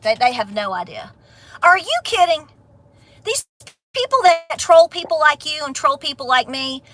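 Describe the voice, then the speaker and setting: A homestead vlogger with a Southern Appalachian accent, talking straight to camera. She is folksy and sassy, and her delivery is fired up. Her voice is high and bright. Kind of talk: casual rant to camera.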